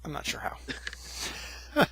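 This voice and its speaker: A young man from the United States hosting a casual podcast chat over a video call, relaxed and chatty, often restarting his sentences. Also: drawn-out words. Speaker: podcast host.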